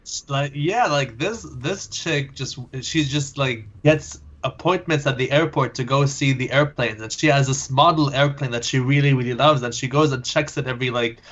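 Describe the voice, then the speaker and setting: A man's voice: mid-range voice, moderate pace, hardly any pauses, a bit bright, lo-fi sound. A man who is a podcast guest, chatting casually and joking, with lots of fillers and restarts.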